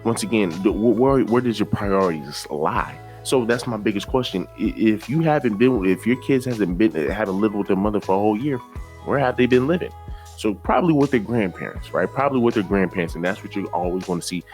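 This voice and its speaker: Low-voiced man doing preachy commentary. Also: expressive, a little fast, darkish tone, faint music behind. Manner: preachy, repeats himself with rhetorical questions. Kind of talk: reaction commentary.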